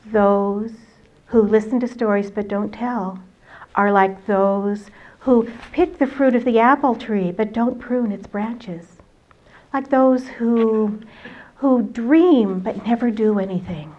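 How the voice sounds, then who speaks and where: A woman voicing a wise old male elder who speaks slowly and patiently. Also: medium pitch, close to an everyday voice. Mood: stern. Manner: slow, gentle, patient. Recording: dull lo-fi recording.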